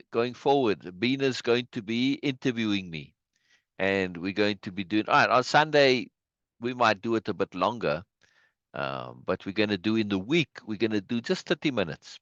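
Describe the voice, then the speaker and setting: A man's voice: on the low side, dry recording. A man hosting a casual video-call chat, speaking emphatically and laughing often. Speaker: host. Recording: dull lo-fi video call audio.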